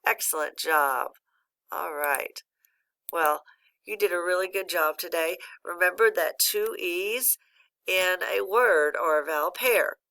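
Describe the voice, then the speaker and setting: A woman's voice: lowish voice, takes it slowly, sharp tone. A patient woman teaching a phonics lesson to a young child, praising often and guiding each word step by step. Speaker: reading teacher.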